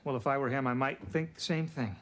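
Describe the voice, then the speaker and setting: A man's voice: medium pitch, fast talker, slight background noise, natural voice. An actor playing a harried suburban father and inventor in a 1980s sitcom, hesitant with a dry joke. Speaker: sitcom character.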